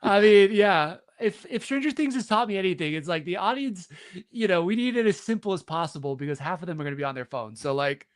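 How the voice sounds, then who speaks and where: A man's voice: high voice, fast talker. A man hosting a casual group chat, laughing often and reading out viewer questions.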